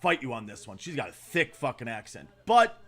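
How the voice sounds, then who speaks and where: Brisk and very animated, this livestream host has a mid-range voice with a sharp tone. He's blunt, profane, and opinionated in his casual reactions, frequently losing his thread while trying to recall names.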